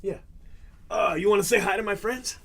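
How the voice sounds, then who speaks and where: A man's voice: high-pitched, fairly even intonation, moderate pace, gravelly, fairly bright tone. A man hosting a card-break livestream, chatting casually in a teasing, rambling way.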